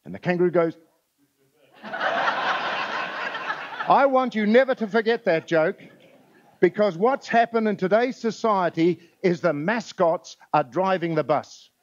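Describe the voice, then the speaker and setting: A man's voice: sits high, big pitch swings, slow, long pauses. A man speaking at a conference, telling stories and jokes with frequent "uh" fillers. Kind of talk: motivational talk with jokes. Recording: lo-fi recording.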